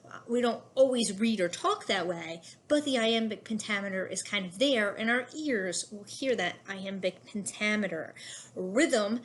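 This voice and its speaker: A woman's voice: mid-range voice, normal speed, a little hiss or hum. Patient woman teaching a poetry lesson. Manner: patient, explanatory, with fillers. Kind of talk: recorded classroom lesson.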